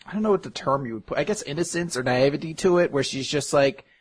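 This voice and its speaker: A man's voice: fairly high pitch, quick pace, husky. A man co-hosting a podcast, animatedly recapping an anime episode in casual chat and slipping into quoted voices. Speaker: podcast co-host.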